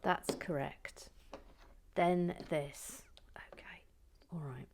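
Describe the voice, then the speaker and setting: A woman's voice: fairly low pitch, fairly even intonation, drawn-out words, noisy background. A woman reading out listener messages in a casual, giggly chat, often trailing off into whispers. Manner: giggly, self-interrupting, drops into whispers.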